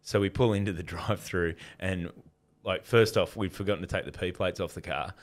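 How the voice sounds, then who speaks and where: A man's voice: sits low, steady tone, brisk. A middle-aged man with an Australian accent, telling rambling anecdotes as a podcast guest and laughing often. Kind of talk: casual storytelling chat.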